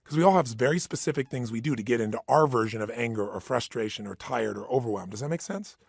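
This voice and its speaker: A man's voice: medium pitch, fast, vocal fry, breathy edge, no echo, clean studio sound. A man giving an emphatic motivational talk, acting out the voices in people's heads. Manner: emphatic, acts out inner voices. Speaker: motivational speaker.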